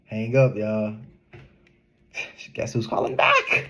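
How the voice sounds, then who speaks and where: A young man telling a casual storytime in an animated, slangy way, laughing often. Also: lowish voice, slow, long pauses. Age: young adult. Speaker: vlogger.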